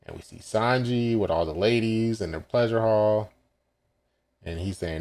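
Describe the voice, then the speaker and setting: A man's voice: fairly low pitch, lively intonation, moderate pace. A man casually recapping a manga chapter as he reacts live, hesitant and full of ums and self-corrections.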